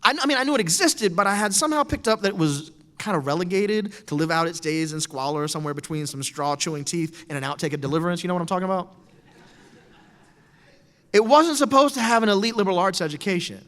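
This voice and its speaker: A man's voice: fairly high pitch, fast. A middle-aged man telling a wry personal story to an audience in a lecture hall. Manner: animated, wry, storytelling with quoted voices. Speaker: speaker giving a talk. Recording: lecture hall with long reverb.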